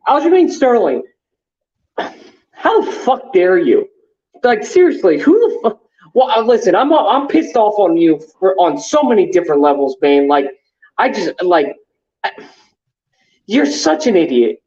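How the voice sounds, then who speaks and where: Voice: medium pitch, big pitch swings, unhurried, long pauses, a little mellow, muffled recording. A podcast co-host in casual sports chat, ranting heatedly with lots of swearing and fillers.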